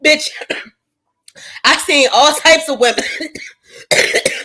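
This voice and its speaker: Blunt, profane woman ranting on a livestream. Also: drawn-out words. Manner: blunt, profane, swings between loud and low. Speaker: livestream host. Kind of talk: casual livestream rant.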